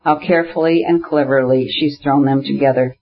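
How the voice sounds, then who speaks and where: A man reading the part of a gentle, practical married woman in an audiobook. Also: mid-range voice, fairly even intonation, brisk, highs cut off, lightly acted.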